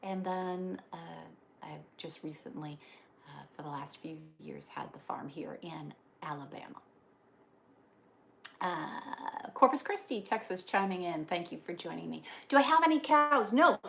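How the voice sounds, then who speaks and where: There's a touch of vocal fry in her medium-pitched, slightly bright voice as this woman from the Northeast US chats with her livestream audience. She's indoors on a farm on a rainy day, often using fillers and restarting sentences, with slight background noise.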